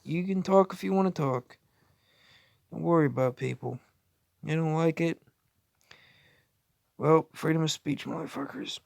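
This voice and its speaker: A man's voice: on the high side, unhurried, creaky, long pauses, darkish tone, dry recording, clean studio sound. A man reacting to a video in casual commentary, blunt and swearing freely as he interjects.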